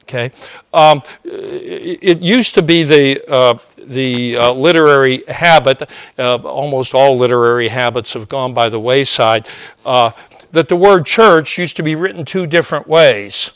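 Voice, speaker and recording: Slow, measured preacher man teaching. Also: medium pitch, clear, resonant tone, no echo, studio quality. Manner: digressive, frequent "uh" and "okay?" checks. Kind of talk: sermon teaching.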